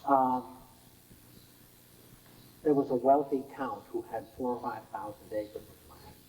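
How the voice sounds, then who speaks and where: A man's voice: medium pitch, steady tone, unhurried, a little mellow, rough recording. A man recounting his travels in a rambling oral history interview, with frequent fillers and chuckles. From United States.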